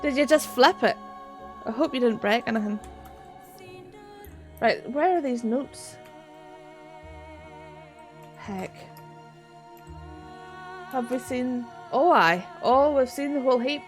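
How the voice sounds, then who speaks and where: This Northern Irish woman talks casually during a gaming live stream, swearing without restraint and laughing often. She takes her time, leaving long pauses, and her high-pitched voice is backed by faint music.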